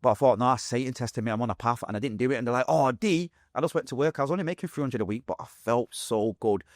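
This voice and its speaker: A man's voice: mid-range voice, quick pace, dry recording, studio quality. A man with a Manchester accent telling his life story as an interview guest, emotional and blunt with street slang. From England.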